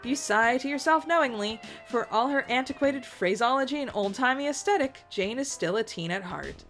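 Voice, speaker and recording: Let's play host, young woman reading a visual novel with chatty asides, fairly high voice. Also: lively intonation, moderate pace, fairly bright tone, faint music behind.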